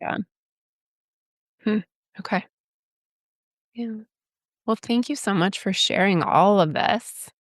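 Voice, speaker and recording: A woman's voice: mid-range voice, slow, long pauses, no echo, studio quality. A woman hosting a podcast interview, responding with sympathy and short affirmations. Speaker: podcast host. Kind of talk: interview conversation.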